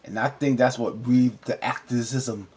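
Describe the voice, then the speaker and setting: A man recapping a TV episode in a casual, animated, rambling way, often cutting himself off, with features. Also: medium pitch, measured pace. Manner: animated, rambling, self-interrupting. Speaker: TV recap vlogger. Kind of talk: casual chat.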